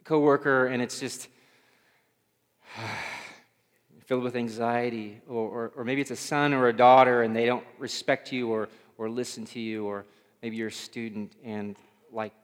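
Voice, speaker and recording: Medium in pitch, this preacher's voice carries through a reverberant hall during a conversational sermon. He poses questions to the congregation and frequently repeats words as he gropes for what to say.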